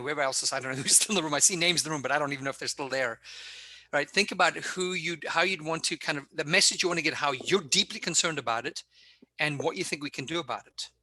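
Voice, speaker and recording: Fairly high in pitch, a man coaches public speaking on a video call for an online workshop, and his delivery is energetic, emphatic and directive. The recording is dry.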